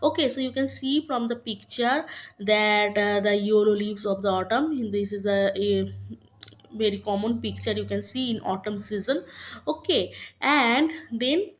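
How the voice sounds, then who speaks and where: A woman's voice: mid-range voice, a little slow. A woman with an Indian English accent explaining a poem line by line, hesitant with many fillers and restarts. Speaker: literature teacher. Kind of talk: slow lecture explaining a poem.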